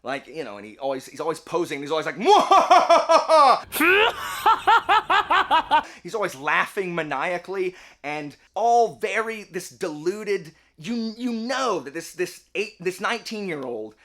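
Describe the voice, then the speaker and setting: A young man giving a casual, chatty review, full of fillers and animated retellings. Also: sits high, normal speed, hardly any pauses. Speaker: book and game reviewer.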